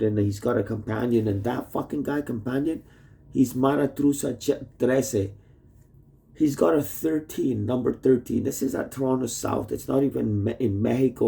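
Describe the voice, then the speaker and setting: A man's voice: mid-range voice, creaky, mellow. A man recording a rambling video message to his wife at home on a phone, swearing constantly and jumping from topic to topic. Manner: heavy swearing, jumps between topics. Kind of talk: rambling casual monologue. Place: at home in a messy rented room. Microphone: phone plugged in nearby.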